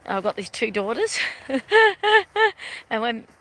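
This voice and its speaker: A middle-aged Australian woman vlogs on a live stream, chatting casually and rambling with frequent laughter as she walks outdoors beside a river. Her voice is on the high side and unhurried.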